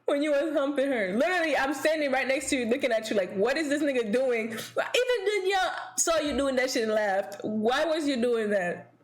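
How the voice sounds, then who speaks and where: A young woman streamer telling a story in casual chat, animated and blunt, swearing and laughing often. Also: high-pitched, brisk, hardly any pauses.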